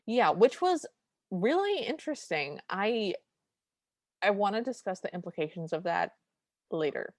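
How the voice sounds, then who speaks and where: A woman's voice: medium pitch, big pitch swings, measured pace, pauses often, dry recording. A woman co-hosting a podcast, chatting casually and enthusiastically while recapping a film scene by scene. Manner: enthusiastic, retells scenes with acted quotes. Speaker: podcast co-host.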